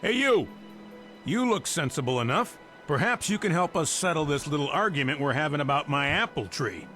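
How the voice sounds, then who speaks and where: A man's voice: fairly high pitch, lively intonation, moderate pace, sharp tone, soft background music. An actor playing a stubborn, quarrelsome male villager in a game, indignant and blustering. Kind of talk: game voice acting.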